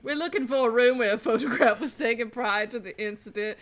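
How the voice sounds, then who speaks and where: A woman's voice: fairly high pitch, brisk, a bit bright, close to an everyday voice. Woman doing a drawling Southern bird detective. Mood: formal. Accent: mock Southern US. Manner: drawling, theatrical.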